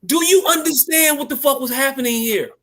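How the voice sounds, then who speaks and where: A man co-hosting a podcast, talking in animated, joking banter with drawn-out storytelling. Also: very high-pitched. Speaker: podcast co-host.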